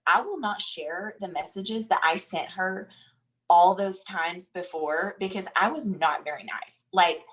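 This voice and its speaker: A woman in her thirties with a Southern drawl, telling an animated, chatty motivational story as a guest speaker. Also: medium pitch, poor audio. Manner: animated, chatty, says "y'all" and "like" often.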